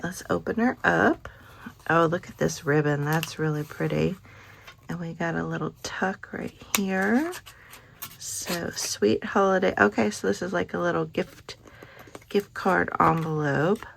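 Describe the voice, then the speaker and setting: A woman, hosting a casual craft unboxing vlog, gushing over each item with soft asides. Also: on the low side, creaky, a little hiss or hum. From Kentucky. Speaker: craft channel host.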